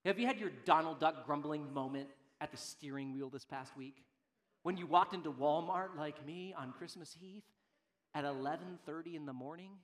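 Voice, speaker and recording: A man in his thirties, a pastor preaching a sermon, emphatic, swinging between loud declarations and quiet, low asides. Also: moderate pace.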